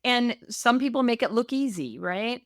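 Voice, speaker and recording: A woman's voice: a little high, animated, normal speed, no room sound, studio quality. A middle-aged woman, a real estate agent, telling her own story candidly in an interview, often tagging "right?". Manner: emotional, candid, many "right?" tags.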